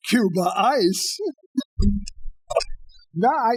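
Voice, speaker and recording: A man co-hosting a comedy podcast as the sidekick, delivering deadpan punchlines with lots of hesitant fillers. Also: high voice, moderate pace, low-quality recording. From Philadelphia area. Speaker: co-host and sidekick. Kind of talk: casual comedic banter.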